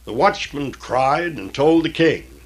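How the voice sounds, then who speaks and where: A man reading scripture aloud in a deliberate, old-fashioned diction, stopping now and then for plain explanatory asides. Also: fairly high pitch, lively intonation. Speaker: Bible reader and teacher.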